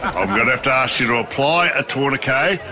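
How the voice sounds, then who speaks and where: A man's voice: mid-range voice, fairly quick, music in the background. An Australian man hosting a radio breakfast show, wisecracking and laughing often through jokey banter.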